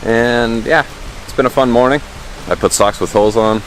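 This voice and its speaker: A man's voice: mid-range voice, steady tone, moderate pace, a little hiss or hum. A man talking casually to his camera while hiking a mountain trail, upbeat and easygoing, with plenty of ums and uhs. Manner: easygoing, upbeat, many fillers. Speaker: hiking vlogger. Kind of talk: casual outdoor vlog narration.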